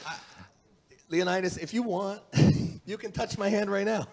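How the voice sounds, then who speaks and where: A man from Canada trades cocky, playful taunts with a rival at a press event. He speaks a little high and jokes between the threats. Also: normal speed, long reverb tail. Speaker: arm wrestler. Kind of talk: press conference trash talk.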